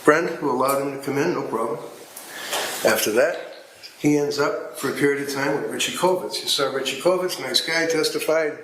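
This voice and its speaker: A man's voice: mid-range voice, normal speed, fairly bright tone, roomy sound, a little hiss or hum, low-quality recording. A man giving a defense closing argument to a jury, speaking emphatically and repeating himself for effect. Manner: emphatic, repetitive, conversational courtroom oratory. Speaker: defense attorney. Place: courtroom.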